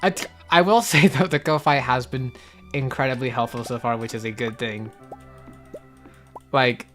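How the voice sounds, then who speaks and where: A woman's voice: a bass voice, fairly even intonation, normal speed, soft background music. A young adult woman streaming a game, chatting casually and rambling with many fillers and restarts. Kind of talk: casual chat while gaming.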